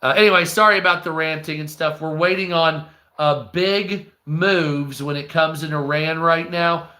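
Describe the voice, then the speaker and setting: A man's voice: a little high, fairly even intonation, moderate pace, bright, forceful tone. A man from the United States giving heated, profane, rambling commentary on a live news stream.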